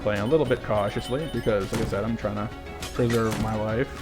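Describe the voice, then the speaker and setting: A man's voice: fairly low pitch, steady tone, brisk. Chatty man narrating a game. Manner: chatty, self-deprecating, thinks aloud. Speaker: gaming YouTuber. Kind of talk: casual let's-play commentary. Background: game music.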